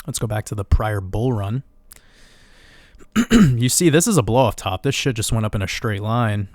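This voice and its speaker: A man giving a casual, rambling crypto chart analysis, getting excited and swearing now and then. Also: fairly low pitch, moderate pace, no echo. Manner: excitable, rambling, swears, laughs at own numbers.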